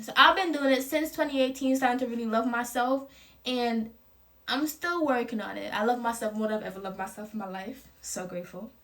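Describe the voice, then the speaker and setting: A woman's voice: a little high, noisy background. A young woman, talking casually at home to camera about confidence, loose and playful with lots of slang. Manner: loose, profane and playful, laughs often. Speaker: vlogger promoting her clothing brand. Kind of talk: casual motivational talk to camera.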